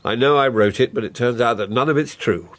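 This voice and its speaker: An actor playing an older retired politician whose wife has vanished, speaking slowly and reflectively with a wry edge. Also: male voice, mid-range voice, natural voice. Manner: reflective, wry, slow delivery. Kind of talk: radio drama acting.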